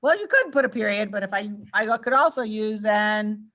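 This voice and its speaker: Woman teacher, patient, coaxing questions, online class, mid-pitched voice, computer mic. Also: expressive, normal speed, sharp tone.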